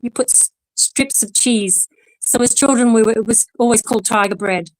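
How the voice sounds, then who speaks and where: A woman's voice: on the high side, normal speed, dry recording, poor audio. Chatty Australian woman, dry sound. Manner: chatty, explains things at length. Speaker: co-host. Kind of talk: casual chat.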